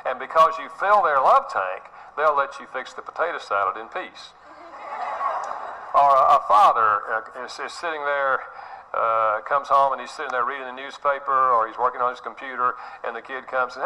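A man's voice: mid-range voice, expressive, normal speed, sharp tone, poor audio. A middle-aged man giving an earnest sermon-style talk, often repeating words and acting out little scenes. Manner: earnest, repeats himself, acts out quotes. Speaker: speaker on parenting.

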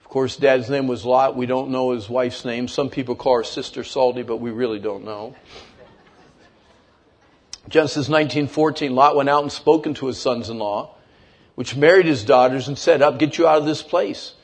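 A man in his fifties preaching a lively sermon, leading the congregation in call-and-response and acting out kids' complaints. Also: medium pitch, normal speed. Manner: animated, playful, acts out kids' voices. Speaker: pastor.

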